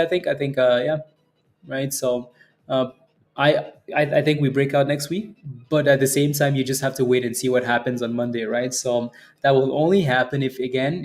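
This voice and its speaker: Between remarks on the market, a day-trading livestream host relaxes into casual chat, reading and responding to viewer comments. His mid-range voice is dotted with fillers and chuckles.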